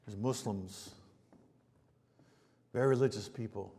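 A male preacher delivering a sermon, swinging between loud emphatic peaks and hushed low passages. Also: unhurried, husky, big-room sound.

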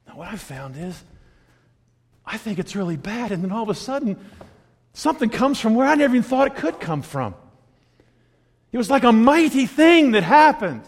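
A man's voice: very high voice, sing-song, moderate pace, pauses often. Older male preacher in a big hall. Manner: humorous storytelling with laughs. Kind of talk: sermon. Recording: long hall reverb.

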